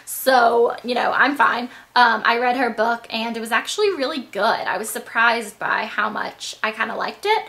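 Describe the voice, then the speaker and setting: A teenage girl chatting to her viewers in a bubbly, rambling vlog, her voice a bit hoarse. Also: on the high side, moderate pace, few pauses, bright, forceful tone. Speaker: vlogger. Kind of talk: casual chat to camera.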